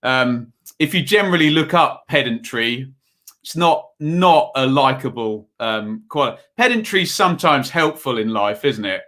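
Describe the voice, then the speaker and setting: Speaking at a moderate pace with lively intonation, the man's medium-pitched voice has a sharp tone. He's from Ipswich, England, hosting a chatty football livestream where he rambles, calls scores, reads the chat aloud, and says um a lot.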